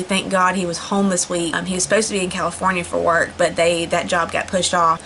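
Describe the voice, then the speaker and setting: A woman's voice: lowish voice, level tone, a little fast, a bit bright, a little hiss or hum, rough recording. A young woman chatting casually to camera, rambling with lots of fillers and restarts. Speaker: vlogger. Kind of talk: casual storytelling vlog.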